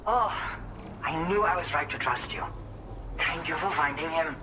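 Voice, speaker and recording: An actor playing a grateful game character with a put-on Indian accent and sentence-end flourishes. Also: male voice, a little high, moderate pace, noisy background, lightly acted. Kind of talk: video game dialogue.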